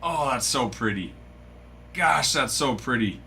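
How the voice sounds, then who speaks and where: A man hosting a live card-opening stream, chatting excitably and breaking into yells of delight. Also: mid-range voice, unhurried, vocal fry, a little hiss or hum.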